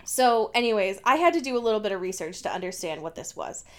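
A woman's voice: medium pitch, expressive, fast talker. A woman co-hosting a podcast in casual chat, laughing often and swearing freely. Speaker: podcast co-host.

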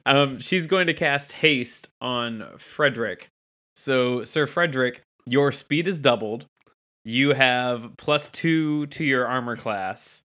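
Bright-voiced male player. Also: mid-range voice, slow pace. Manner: explanatory, rules-focused. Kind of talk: tabletop role-play.

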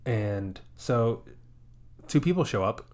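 A man co-hosting a casual movie review podcast, retelling scenes in an animated way and acting out quotes. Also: lowish voice, measured pace. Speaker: podcast co-host.

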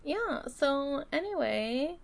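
A woman's voice: sits high, big pitch swings, slow pace, vocal fry. A woman co-hosting a podcast in casual chat, rambling with lots of "like" and "um". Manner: casual, fills with "like" and "um". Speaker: podcast co-host.

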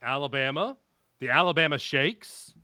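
A man's voice: on the high side, animated, normal speed, bright, forceful tone. A man co-hosting a podcast game as a contestant, easygoing and laughing along. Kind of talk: casual joking banter.

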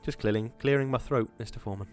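A man voicing a quiet, dry-witted young male college worker. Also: mid-range voice, fast talker, soft background music, lightly acted. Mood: calm.

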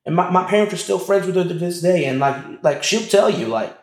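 A man's voice: sits high, expressive, a little fast. A young man casually telling a family story, rambling with many fillers and restarts. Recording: roomy echo.

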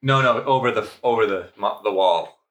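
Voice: mid-range voice, moderate pace, fairly bright tone. A player in a tabletop game, talking casually with many hesitations. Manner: hesitant, filler-heavy.

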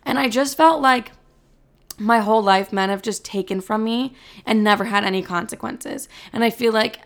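A young adult woman with a voice on the high side, speaking at normal speed, tells a story to the camera as a vlogger. It's a casual, fired-up rant, blunt and packed with swearing.

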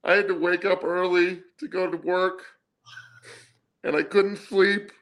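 A man's voice: high-pitched, steady tone, a little slow, fairly bright tone, pitched above the performer's own voice. A man mocking a whiny, crying male football quarterback with exaggerated wailing complaints. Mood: mock sobbing. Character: sobbing, whiny male pro quarterback mocked.

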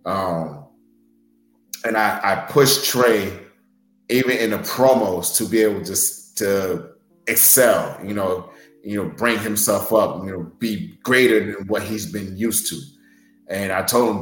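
A man's voice: lowish voice, measured pace, roomy sound, faint music behind, rough recording. A man, a pro wrestler, telling stories about a match in an earnest, rambling way full of fillers on a podcast. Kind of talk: podcast interview storytelling.

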